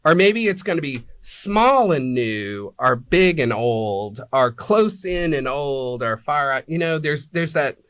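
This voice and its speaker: A man's voice: on the high side, animated, takes it slowly, few pauses, fairly bright tone, clean tone, no echo. Teacherly man explaining, dry sound. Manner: teacherly, checks in with "right?" and "okay?". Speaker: apartment locator. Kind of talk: interview guest explaining.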